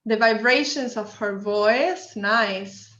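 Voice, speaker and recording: A woman's voice: medium pitch, takes it slowly, fairly bright tone. A woman whose first language is Spanish, running an online workshop in English and asking the group questions. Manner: encouraging, asks the group questions. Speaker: workshop instructor. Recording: echoey room, dull lo-fi audio.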